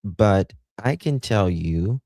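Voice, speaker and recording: A man's voice: on the low side, animated, slow pace, a little mellow, dry recording. A man hosting a livestream, giving blunt, crude, rambling commentary. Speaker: livestream host.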